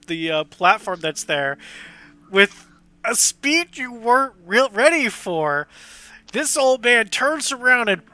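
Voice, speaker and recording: A man narrating a tabletop game as game master, with a high, bright voice. He takes his time and laughs easily between lines. The sound is close and dry. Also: no room sound.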